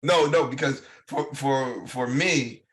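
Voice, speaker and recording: A man in his forties hosting a casual interview, relaxed and acting out his own reactions. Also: medium pitch, slow pace. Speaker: podcast host.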